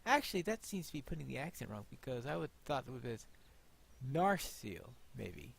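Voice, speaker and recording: A man's voice: medium pitch, sing-song, fast, gravelly, a bit bright, husky. A man casually commenting on his gameplay, chatty and wry, thinking aloud. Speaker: gameplay host.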